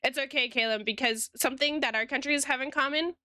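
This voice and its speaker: A woman's voice: sits high, fairly quick, hardly any pauses, pushed and bright, no echo, clean studio sound. A woman streamer chatting casually with her viewers while she draws, giggling often and talking straight to chat.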